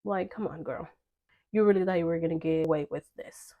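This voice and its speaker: A woman's voice: low-pitched, brisk, phone-quality sound. A young woman telling a personal story in casual vlog chat, full of fillers and quoted dialogue. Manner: chatty, filler-heavy, acts out quoted dialogue.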